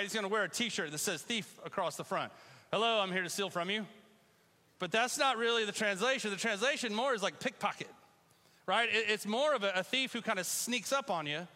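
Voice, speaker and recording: Animated preacher with a bright, high voice. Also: male voice, in a large hall. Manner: conversational and animated, with bursts of loud call-and-response. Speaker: pastor. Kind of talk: sermon. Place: church sanctuary.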